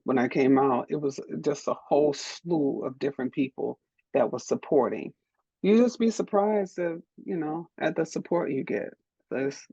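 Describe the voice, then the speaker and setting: A middle-aged woman from Detroit speaks frankly and emphatically. Her voice has a gravelly edge and sits at a mid pitch. The sound is dry and somewhat dull. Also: darkish tone, dry recording. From Detroit, USA. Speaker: DJ and producer, interview guest. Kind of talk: candid interview answers.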